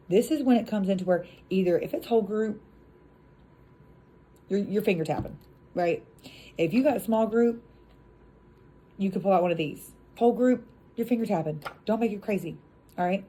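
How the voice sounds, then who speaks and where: A woman in her thirties, an elementary school teacher, casually explaining a phonics routine and acting out the classroom chants with drawn-out letter sounds. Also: medium pitch, animated, warm tone, husky, low-quality recording.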